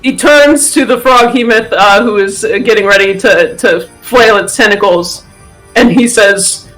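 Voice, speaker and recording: A man's voice: high voice, normal speed, sharp tone, soft background music, low-quality recording. A man narrating as game master of a tabletop game, chatty and laughing, with many fillers.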